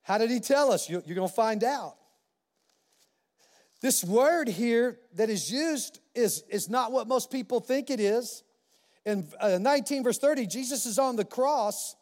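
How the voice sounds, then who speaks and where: A male pastor preaching a sermon in a church, animated and emphatic, repeating key phrases for weight. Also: very high voice, measured pace. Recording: long reverb of a large hall.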